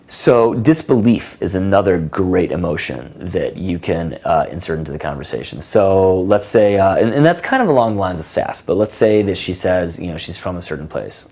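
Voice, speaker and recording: A man's voice: low voice, a little mellow. A man teaching conversation tips in a casual, playful way, acting out sassy example lines. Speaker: dating coach. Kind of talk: casual instructional talk.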